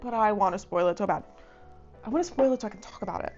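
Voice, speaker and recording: A woman's voice: fairly high pitch, expressive, fast, muffled recording, faint music behind. A young woman hosting a book review vlog, chatting casually in a bubbly, gushing way with lots of "like" fillers. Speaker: book reviewer and channel host.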